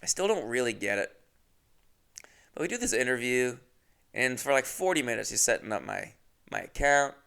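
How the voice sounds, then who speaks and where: A man's voice: mid-range voice, very animated, moderate pace, creaky, long pauses, a bit bright, smooth. A man hosting a podcast who tells a rambling, profane, self-mocking comic story. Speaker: podcast host.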